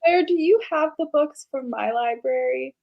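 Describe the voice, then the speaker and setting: Co-host: young woman, high, husky voice, playful and teasing. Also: normal speed, highs cut off. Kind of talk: casual video-call chat. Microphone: video call.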